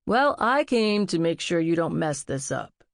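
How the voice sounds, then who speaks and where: A woman's voice: on the low side, very animated, unhurried, creaky, no echo, studio quality, exaggerated voice. A woman voicing a wry, bossy young man who ribs his best friend.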